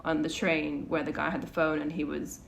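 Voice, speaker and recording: A woman's voice: sits low, little pitch movement, a little fast, vocal fry. A woman co-hosting a podcast, telling a personal story in a rambling, casual way with lots of restarts and fillers. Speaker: podcast co-host.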